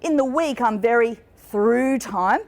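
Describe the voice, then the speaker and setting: A middle-aged woman giving a live business seminar to an audience with slides, lively and playful, slipping into mock voices for the people she describes. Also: fairly high pitch, takes it slowly. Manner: lively, playful, mimics people in quoted asides. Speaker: business coach and speaker. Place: conference room with an audience.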